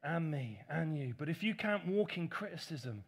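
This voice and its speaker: A man preaching a sermon as pastor, animated and acting out the voices of critics. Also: fairly high pitch, normal speed, breathy edge.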